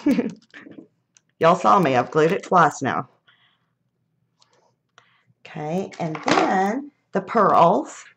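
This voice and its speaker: A woman's voice: fairly low pitch, big pitch swings, slow, pauses often, fairly bright tone, slight background noise. A middle-aged woman, chatting casually through a live craft demonstration, thinking aloud and laughing at her own mishaps.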